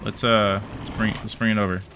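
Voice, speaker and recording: A man's voice: on the low side, level tone, brisk, bright, forceful tone, a little hiss or hum. A man casually commenting on his gameplay as a video host, goofy and rambling, swearing and laughing as he plays.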